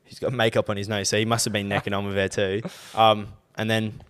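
A man's voice: on the low side, level tone, fairly quick, a bit bright, clean tone. A young Australian man, co-host of a casual podcast, rambling through a night-out story with lots of swearing. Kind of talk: casual chat.

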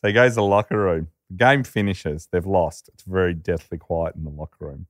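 A man telling a story on a podcast in a lively, chatty way. His voice is low, and the recording is dry and close. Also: fairly quick, dry recording. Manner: lively storyteller, quotes characters. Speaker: podcast co-host. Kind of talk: storytelling chat.

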